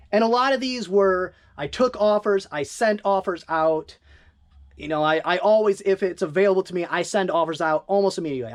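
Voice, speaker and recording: A chatty eBay reseller from northern Michigan, rambling casually through their sales while moving around a home storage room. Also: medium pitch. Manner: rambling, chatty, self-deprecating. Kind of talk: casual vlog.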